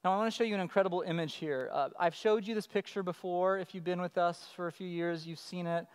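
A man in his thirties preaching a sermon as pastor, telling stories in an animated way and acting out his child's calls. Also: sits high, fast, clean tone. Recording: long hall reverb.

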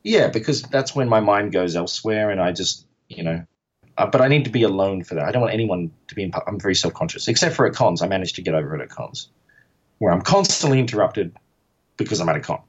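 A man's voice: low voice, expressive, fast talker, husky, highs cut off. An Australian man from Perth, chatting as an interview guest in a rambling, self-deprecating way. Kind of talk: casual interview chat.

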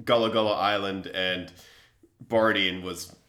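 A man in his thirties co-hosting a podcast, cracking sarcastic jokes and quick quips in casual chat. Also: low-pitched, steady tone, bright, forceful tone. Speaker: podcast co-host.

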